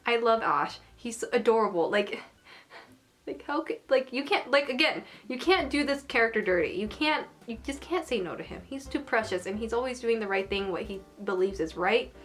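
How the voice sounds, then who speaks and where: A woman's voice: fairly high pitch, expressive, normal speed, soft background music. A young woman chatting casually as she ranks anime characters, gushing and giggling, with lots of "like" and filler. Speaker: anime vlogger. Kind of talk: casual chat, ranking characters.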